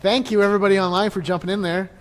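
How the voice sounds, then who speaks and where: A man's voice: high-pitched, level tone, very fast, big-room sound. Chatty man leading a church class. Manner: chatty, joking, frequent restarts and laughs. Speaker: church history class leader. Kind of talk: casual classroom talk.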